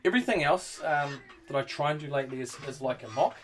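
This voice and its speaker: A man's voice: a little high, animated, fast talker, fairly bright tone, far from the mic. A man with a New Zealand accent chatting casually on a live stream, rambling with lots of fillers and restarts while he reads and answers chat. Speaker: Lego streamer. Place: home room full of Lego sets.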